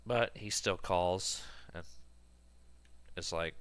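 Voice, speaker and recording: Deep-voiced man rambling on stream. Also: slow pace, a bit bright, no room sound. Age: 30s. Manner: rambling, filler-heavy storytelling. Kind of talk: casual gaming stream chat.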